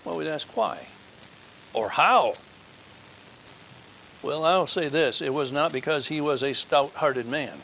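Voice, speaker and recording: A man's voice: fairly high pitch, slow pace, vocal fry, pauses often, fairly bright tone, a little hiss or hum, poor audio. A man preaching a communion sermon, stressing his points by repeating key phrases and building to fervent appeals.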